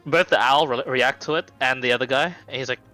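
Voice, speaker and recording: A man runs a tabletop game, narrating in a casual way with quick asides. His voice sits mid-range, with faint music behind him. He reads out rules and describes scenes for the players. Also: medium pitch, sharp tone. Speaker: game master.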